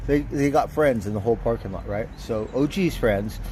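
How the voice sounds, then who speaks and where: A man's voice: mid-range voice, moderate pace, slight background noise. Man telling a profane story outdoors. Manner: profane, chuckling, animated retelling. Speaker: livestreamer. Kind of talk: casual storytelling.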